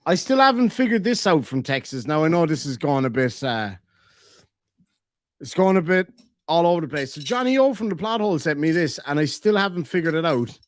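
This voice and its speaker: A man's voice: fairly high pitch, a little fast, no room sound, clean studio sound. Chatty Irish man live-streaming. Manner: rambling, excitable, sweary, with frequent restarts. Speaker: livestreamer reading viewer donations. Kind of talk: casual live-stream chat.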